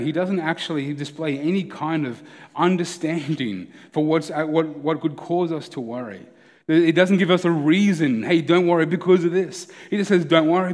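Pastor, male, earnest conversational sermon, somewhat raised pitch, reverberant church hall. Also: a little mellow. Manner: conversational, earnest, with repetitions and restarts.

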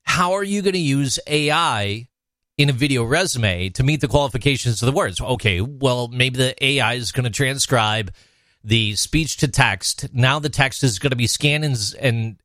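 A man's voice: medium pitch, normal speed, a bit bright, no room sound. A man co-hosting a casual podcast chat, asking probing questions and building long rhetorical ones. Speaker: podcast co-host.

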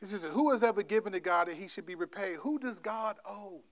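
A male pastor preaching a sermon, telling stories animatedly, playing out God's voice in slangy asides and then dropping into a quieter, gentle exhortation. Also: high-pitched, animated, fast. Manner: drops to a soft, quiet delivery for the exhortation.

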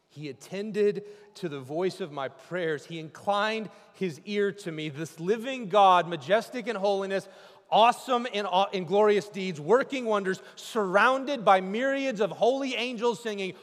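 A man preaching a sermon as pastor, swinging from loud cries to hushed, intimate speech. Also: sits high, unhurried, long reverb tail.

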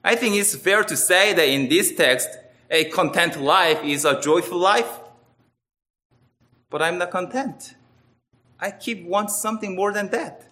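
Slow, bright-voiced man preaching. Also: sits high. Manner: earnest, emphatic, with wide swings between loud and quiet. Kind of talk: sermon.

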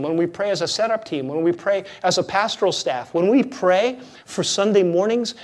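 A man with a high, light voice delivers a sermon as a pastor. He keeps it conversational and jokey. He drops to near-hushed lines and then lifts back to full, energetic volume. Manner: conversational, jokey, swings between hushed and loud.

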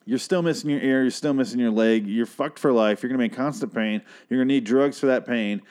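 A man's voice: mid-range voice, quick pace, a little mellow, clear, resonant tone. A man casually recapping a TV episode, rambling, sarcastic and full of swearing.

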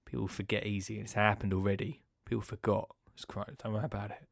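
A man's voice: on the low side, flat delivery, fast, vocal fry, no echo, clean studio sound. Rambling man, chatty podcast host. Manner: rambling, chatty, jumps between loud and hushed. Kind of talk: casual chat.

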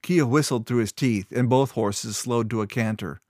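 A man narrating a fantasy story in a steady storytelling read. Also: medium pitch, moderate pace, no echo, studio quality. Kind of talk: scripted narration.

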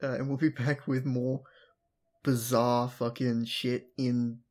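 A woman's voice: very deep voice, little pitch movement, takes it slowly, darkish tone. A young adult woman hosting a podcast, recapping an episode bluntly with swearing and mockery. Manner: blunt, swears, mocking, does funny voices. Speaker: podcast host.

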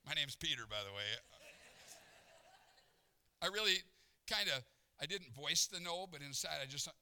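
Pastor, man, middle-aged, gravelly and bright, animated sermon storyteller. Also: a little high, normal speed, long pauses. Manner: animated storyteller, acts out exasperation.

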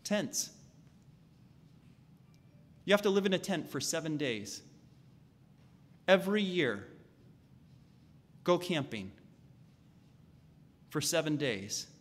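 A male pastor preaching with a high, light voice that rings through a reverberant hall. He is animated and slips into the voices of the people in his story as he tells it. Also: takes it slowly, long pauses. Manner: animated, acts out voices of the Israelites and God. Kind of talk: sermon.

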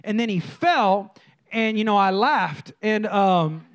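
A man's voice: high-pitched, slow pace. A man preaching a sermon in church, telling stories and speaking directly to his congregation. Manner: lively storytelling preacher, addresses the congregation directly. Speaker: pastor.

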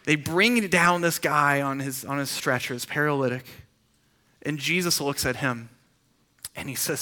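A man preaching a sermon in a conversational way, with quick restarts and rhetorical questions. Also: on the high side, bright, forceful tone. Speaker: pastor.

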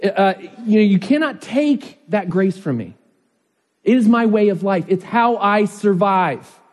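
A male pastor delivers a sermon in a loose, conversational way, often checking in with his listeners. His voice sits a bit high and has a husky edge. The sound carries a long church-hall reverb. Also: unhurried. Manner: conversational and animated, often asking "right?".

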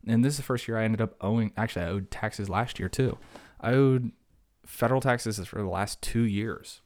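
A young adult man hosting a casual solo podcast, rambling and animated with self-mocking asides. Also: on the low side, normal speed. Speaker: podcast host.

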